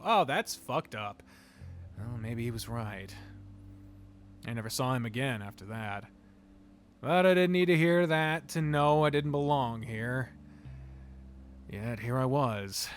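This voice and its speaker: A man's voice: mid-range voice, normal speed, slight background noise. A man playing a text game, reading the story aloud and chatting along, cursing freely. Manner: animated, swears freely. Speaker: let's play gamer.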